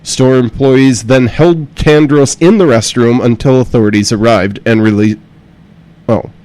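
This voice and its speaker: A man's voice: mid-range voice, unhurried, darkish tone, rough recording. Laid-back man reading news with fillers. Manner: profane and joking, laughs often, reads with fillers. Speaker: podcast host. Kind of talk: casual podcast chat, reading a news story aloud.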